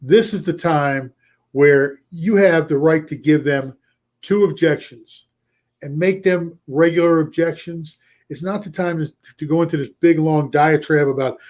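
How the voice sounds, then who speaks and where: Energetic man coaching in a raised voice. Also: on the high side, measured pace. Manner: energetic, repeats key phrases for emphasis; acts out short role-play lines with a lifted voice. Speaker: coach hosting a weekly live show. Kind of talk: casual coaching talk to a live chat.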